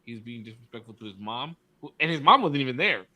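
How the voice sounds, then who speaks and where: A man co-hosting a casual podcast, an animated storyteller who acts out quotes and swears freely. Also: mid-range voice, fast talker. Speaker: podcast co-host, father.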